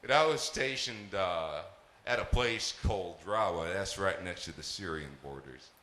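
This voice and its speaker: Bright, animated male stand-up comic. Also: deep voice, moderate pace, slight background noise. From Palestine. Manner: animated, profane, laughing through his lines. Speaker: stand-up comedian. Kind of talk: live stand-up storytelling. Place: live comedy stage. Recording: echoey live venue.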